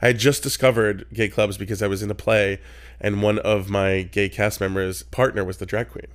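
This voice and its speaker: A middle-aged man hosting a podcast, telling a personal story in casual chat and acting out the people in it with lively jumps in his voice. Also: moderate pace. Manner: animated, acts out quoted voices with big pitch jumps. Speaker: podcast host.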